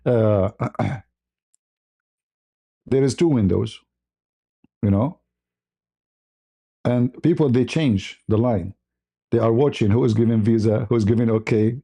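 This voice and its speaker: Dark-voiced man telling a laughing anecdote. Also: mid-range voice, takes it slowly, gravelly, long pauses. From Middle East. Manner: chuckles often while telling, broken conversational English. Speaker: channel host. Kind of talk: livestream storytelling.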